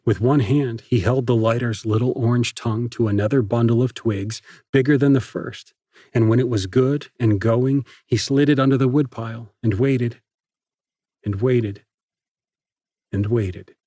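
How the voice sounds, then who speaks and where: Husky male audiobook narrator. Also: mid-range voice, fairly even intonation, normal speed, warm tone, no echo, studio quality. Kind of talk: scripted narration.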